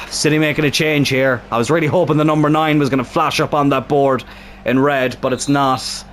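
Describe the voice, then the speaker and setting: A young man commentating his own football video game match, excitable and swearing at the screen, with a strained throat. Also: medium pitch, normal speed, a little hiss or hum.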